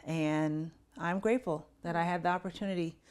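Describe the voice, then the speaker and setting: A woman's voice: lowish voice, fairly even intonation, brisk, clear, resonant tone. A woman pastor hosting a spiritual talk show, speaking earnestly and personally while holding back tears. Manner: earnest and personal, voice softening with grief. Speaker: pastor and podcast host.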